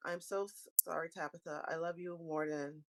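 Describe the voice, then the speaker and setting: A woman's voice: sits low, fairly even intonation, moderate pace, low-quality recording. A woman voicing a heartbroken young woman who stammers tearfully as she pleads on the phone. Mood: pleading.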